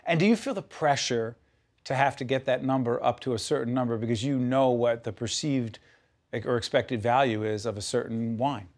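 Gravelly-voiced enthusiastic male TV host. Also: medium pitch, normal speed. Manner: enthusiastic, interrupting, playful. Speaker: TV interview host. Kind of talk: TV interview.

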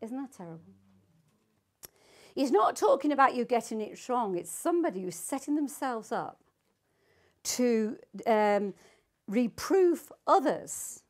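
Older woman teaching the Bible. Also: fairly high pitch. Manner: emphatic, asks the group questions, reads scripture aloud.

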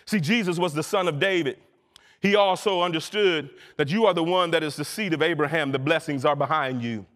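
A man preaching a fervent sermon as minister, rising to shouts and drawing out his phrases. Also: fairly high pitch, fairly quick. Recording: long reverb of a church hall.

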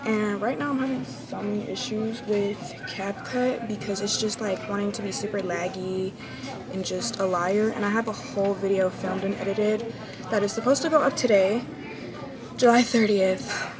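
A woman's voice: medium pitch, steady tone, normal speed, a crowd in the background. A young woman in her late teens chatting casually in a rambling vlog. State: out of breath. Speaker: vlogger.

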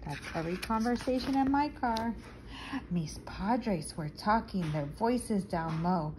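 A woman reading a children's picture book aloud, expressive and stopping to explain words to young listeners. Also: medium pitch, measured pace, noisy background. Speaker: storyteller for children.

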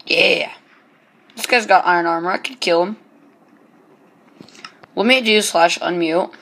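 A man's voice: high-pitched, a little slow, pushed and bright. A man giving casual gameplay commentary as host of his own channel, hesitant and full of ums, joking as he goes. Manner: hesitant, many ums and restarts; chatty and joking.

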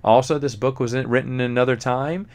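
A man's voice: medium pitch, steady tone, fast talker, darkish tone. A man hosting a solo podcast, chatting casually about a book, rambling with lots of fillers and chuckling often. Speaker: podcast host reviewing a book.

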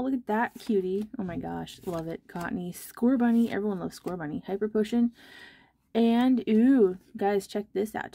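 Bubbly young woman vlogger, mellow voice. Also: mid-range voice. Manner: bubbly, chatty, self-deprecating. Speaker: card-opening vlogger. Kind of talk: casual chat while opening card packs.

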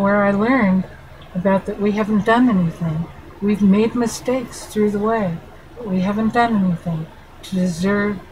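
The recording is low quality with a little hiss or hum, carrying a slightly mellow, mid-range female voice. She is a middle-aged family therapist who hosts a channel, addressing viewers warmly and sincerely in a heartfelt vlog to camera.

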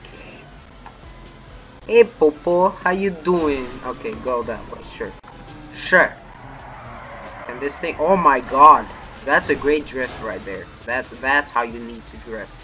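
A young man giving live commentary on a co-op game, excitable and foul-mouthed, yelling at his teammate. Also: medium pitch, slow, pauses often, faint music behind, poor audio. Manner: excitable, swears a lot, shouts at his teammate. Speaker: gamer playing co-op missions.

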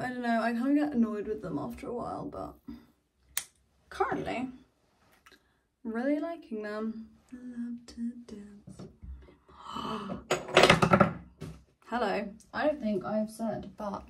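A woman's voice: fairly high pitch, a little mellow, far from the mic, a little hiss or hum. A young woman in her twenties chatting casually in a home vlog, rambling, trailing off and swearing freely. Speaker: vlogger. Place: home, indoors.

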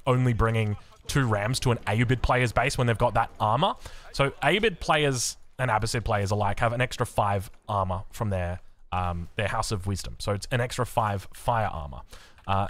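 Excitable Australian man gaming. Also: medium pitch. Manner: excitable, swears, swings from yelling to muttering. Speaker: gameplay streamer. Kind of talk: live gameplay commentary.

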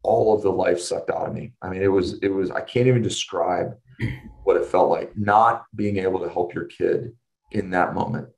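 A middle-aged man, an interview guest, giving a personal testimony in earnest storytelling with restarts and emotional pauses. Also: sits low, steady tone, gravelly, a little mellow, rough recording.

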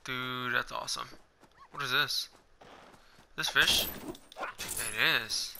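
A young man giving casual, excitable commentary while playing a video game, now and then squeaking out high-pitched "pew pew" gun noises. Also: slow, creaky, background noise. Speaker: gaming video host. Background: game music.

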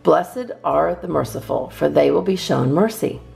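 A woman voicing a gentle, devout mother bear in a storybook, quoting scripture softly. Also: low-pitched, animated, moderate pace, vocal fry, full character voice.

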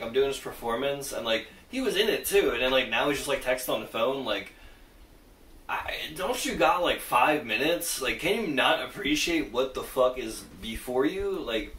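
A man hosting a reaction video, talking excitedly and casually with lots of fillers and swearing. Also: mid-range voice, moderate pace, echoey room, distant mic, rough recording.

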